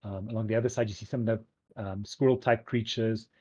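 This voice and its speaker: A man with a low, husky voice narrates a tabletop game as game master, rambling through his descriptions with frequent ums and likes. The recording sounds dull and lo-fi. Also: fairly even intonation, quick pace, darkish tone.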